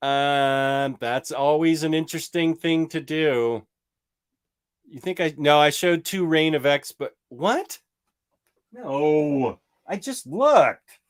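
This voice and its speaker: A man's voice: fairly high pitch, takes it slowly, clear, resonant tone. A man hosting a casual comic book livestream, rambling and joking as he answers viewer questions and stumbles over words. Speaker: comic book channel host.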